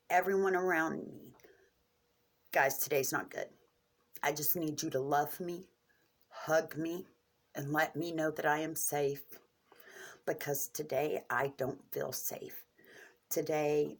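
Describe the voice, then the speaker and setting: A middle-aged woman talking candidly and earnestly to her viewers, openly emotional, in short halting phrases. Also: low voice. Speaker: vlogger sharing coping skills. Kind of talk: candid personal talk to camera.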